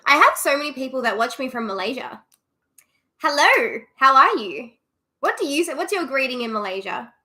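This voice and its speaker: Bright, giggly Australian woman streamer. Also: sits high, very animated, moderate pace. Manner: chatty, giggly, self-deprecating. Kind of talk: casual livestream chat with viewers.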